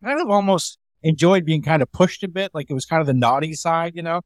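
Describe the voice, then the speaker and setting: Animated, swearing comedian, dry close sound. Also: male voice, a little high, fairly quick, no echo. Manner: animated, swears freely, acts out quoted voices. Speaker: stand-up comedian. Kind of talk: casual storytelling chat. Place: remote call.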